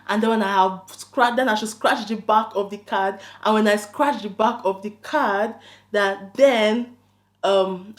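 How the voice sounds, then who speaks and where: A woman YouTuber telling a story in casual vlog chat, animated and incredulous, with bursts of emphasis. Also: on the high side.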